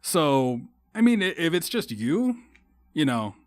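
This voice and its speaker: A man's voice: fairly high pitch, sing-song, takes it slowly, dry recording. A young man from Texas hosting a solo podcast, ranting in a heated, rambling way with constant swearing and restarts. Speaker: podcast host. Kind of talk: casual solo podcast rant.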